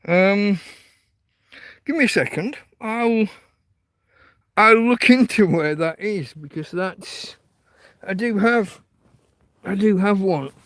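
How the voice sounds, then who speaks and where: A man with a high-pitched, fairly bright voice speaks slowly and pauses often, with no echo. He's running a casual night livestream from a field tent, exasperatedly swearing at his dog.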